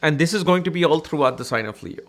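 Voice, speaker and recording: Animated man teaching astrology. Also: fairly high pitch, fast talker. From India. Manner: animated, conversational, mimics people in anecdotes. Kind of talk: casual astrology lesson.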